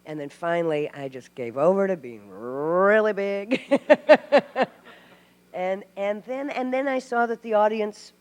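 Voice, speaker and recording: A woman from Tennessee, a guest at a live Q&A, telling animated stories with laughs and restarts. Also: medium pitch, takes it slowly. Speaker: actress guest. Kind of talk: live Q&A storytelling. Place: stage before a live audience. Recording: hall reverb.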